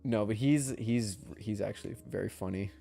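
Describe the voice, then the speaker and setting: A man's voice: lowish voice, normal speed, gravelly, warm tone. A man chatting casually on a livestream, laughing easily and swearing in passing. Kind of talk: casual chat. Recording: faint background music.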